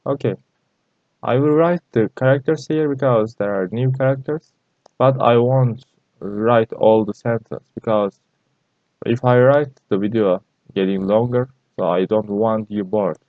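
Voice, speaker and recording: Guy teaching a language lesson, halting with lots of uh, muffled lo-fi sound. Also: medium pitch, no room sound. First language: Turkish. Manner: halting and repetitive, many fillers. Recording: dull lo-fi recording.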